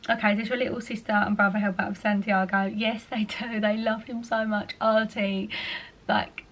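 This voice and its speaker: A woman's voice: mid-range voice, little pitch movement, moderate pace, fairly bright tone. Chatty young woman vlogging. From England. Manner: chatty, fillers like "like" and "you know", quoted asides in other voices. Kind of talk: casual chat answering viewer questions.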